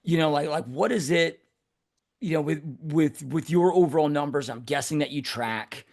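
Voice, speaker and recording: A man's voice: fairly high pitch, normal speed, vocal fry, a little mellow. A man hosting a podcast conversation over an online call, talking casually and saying "dude" and "you know" a lot. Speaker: podcast host. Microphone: online call mic.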